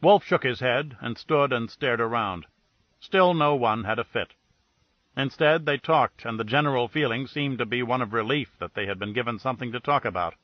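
A man reads a detective story in a wry, matter-of-fact voice of middling pitch. The recording is very dry and slightly dull, with no room sound. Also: moderate pace, no echo. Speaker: audiobook narrator. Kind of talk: scripted narration of a detective novel. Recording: dull, dry studio read.

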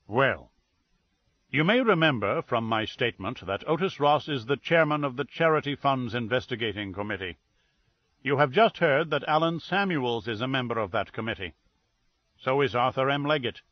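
An imperious older detective with a measured, formal way of speaking, as a male reader puts him on. The voice sits at a middle pitch. The dry, dull recording has the close sound of an audiobook. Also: expressive, dry recording, close to an everyday voice. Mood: formal, deliberate.

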